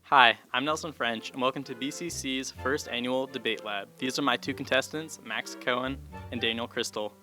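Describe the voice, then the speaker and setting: A man's voice: mid-range voice, steady tone, moderate pace, music in the background. A teenage boy hosting a comedy debate contest, with an upbeat, announcer-like delivery. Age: teens. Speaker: host of a debate game.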